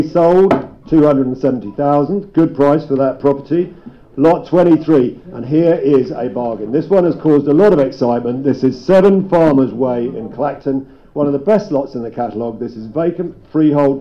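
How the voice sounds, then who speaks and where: A man working as an auctioneer, rattling off bids at a live property sale with playful banter. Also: fairly high pitch. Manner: brisk bid-calling with playful banter. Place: auction room. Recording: dull lo-fi live stream sound.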